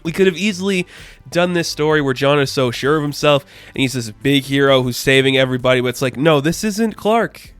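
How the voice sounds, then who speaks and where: A man's voice: mid-range voice, animated, brisk, fairly bright tone, clear, resonant tone, no room sound, soft background music. A man giving a casual comic book review, chatty and full of fillers, loosely paraphrasing what the characters say.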